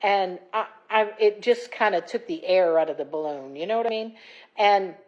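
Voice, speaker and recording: A woman in her fifties, candidly retelling a date in a chatty, animated vlog story. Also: medium pitch, normal speed, dull audio. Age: 50s. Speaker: dating vlogger. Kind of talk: casual storytelling.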